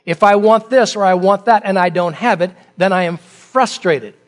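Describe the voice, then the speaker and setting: A man's voice: high voice, normal speed. A middle-aged man preaching a sermon as pastor, talking conversationally with rhetorical questions and joking asides.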